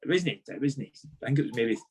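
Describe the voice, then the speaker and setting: A Scottish former footballer, guesting on a podcast, casually spins stories in a mid-range, slightly mellow, husky voice. He talks fast with lively intonation, swearing freely and laughing his way through the tale.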